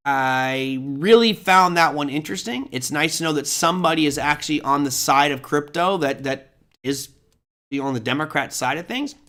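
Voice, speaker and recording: A man's voice: fairly high pitch, moderate pace, fairly bright tone. A man hosting a live trading show, chatting casually as he answers viewer questions off the cuff.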